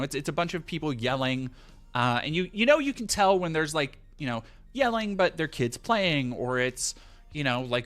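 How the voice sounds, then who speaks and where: A young man tells a long story on his stream, swearing freely and rambling as he goes. His voice sits a little high and bright, and it swings widely in pitch. Soft music plays behind him. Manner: rambling, profane, animated. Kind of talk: casual storytelling on a livestream.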